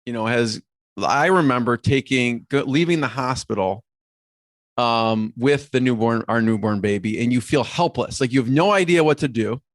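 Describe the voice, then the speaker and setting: A man in his forties hosting a podcast, asking rambling, relaxed questions. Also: mid-range voice, normal speed, no room sound. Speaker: podcast host. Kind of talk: interviewing a guest.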